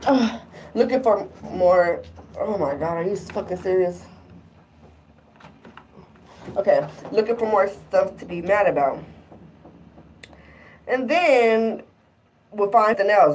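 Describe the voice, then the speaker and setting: A young woman vlogging casually about a breakup, animated and swearing freely as she acts out what was said. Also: mid-range voice, measured pace, long pauses, recorded from a distance, a little hiss or hum, rough recording. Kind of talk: casual storytelling vlog.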